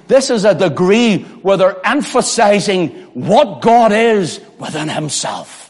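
A man preaching a sermon as pastor, dropping to near whispers and rising to ringing shouted cries. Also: high voice, lively intonation, unhurried, hardly any pauses. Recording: long hall reverb.

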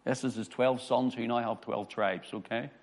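Man, pastor, sermon, emphatic scripture reading, mid pitch, long hall reverb. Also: fairly even intonation, moderate pace, vocal fry. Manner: preaching with emphatic scripture reading and personal stories.

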